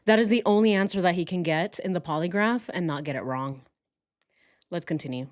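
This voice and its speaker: A woman's voice: lowish voice, brisk. Sarcastic woman commenting to viewers. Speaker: host. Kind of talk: true crime commentary.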